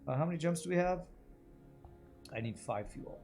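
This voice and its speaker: A man's voice: fairly high pitch, lively intonation, moderate pace, music in the background. A man streaming a video game, chatting casually with viewers and musing aloud about voices and accents as he plays. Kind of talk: casual gaming livestream chat.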